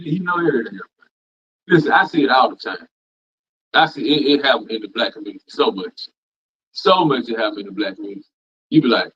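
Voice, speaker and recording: A man's voice: fairly high pitch, sing-song, brisk, a little hiss or hum. A man preaching an informal scripture class, reading verses and riffing on them in a folksy, repetitive vernacular. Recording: dull lo-fi sound.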